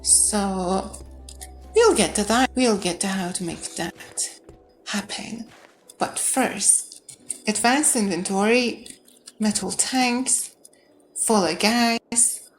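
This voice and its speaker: A woman's voice: medium pitch, slow pace, pauses often, soft background music. A woman playing a video game and commenting as she goes, thinking aloud, reading out on-screen text and correcting herself. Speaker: gamer. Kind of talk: let's-play commentary.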